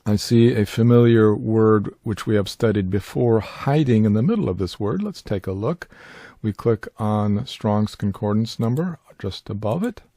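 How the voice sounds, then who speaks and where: A man with a lowish, mellow voice leads a scripted Bible word study. He speaks in a measured, deliberate way and sounds out Greek terms carefully. The voice is recorded dry and close, with no room sound. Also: expressive, dry recording. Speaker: Bible teacher.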